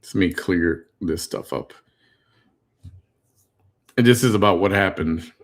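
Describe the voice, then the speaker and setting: A man's voice: deep voice, takes it slowly. A middle-aged man, hosting a casual reaction commentary, blunt and indignant as he tells stories. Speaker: host.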